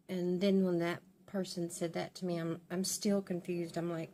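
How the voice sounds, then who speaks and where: An older woman, a grandmother and beauty vlogger, chats while doing her hair, rambling and confiding with many restarts. Her voice is lowish, a little slow, with little pitch movement, and there's slight background noise.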